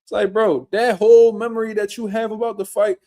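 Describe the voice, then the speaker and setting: A man's voice: high voice, little pitch movement, brisk, dark tone. A man hosting a casual boxing reaction show, ranting bluntly in slangy, profane talk. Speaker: boxing commentary show host.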